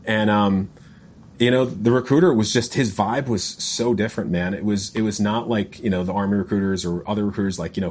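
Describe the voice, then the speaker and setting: A man's voice: fairly low pitch, fairly even intonation, fairly quick, a little mellow, husky. A man telling a long personal story in a casual podcast chat, rambling and often saying "man" and "you know". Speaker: guest.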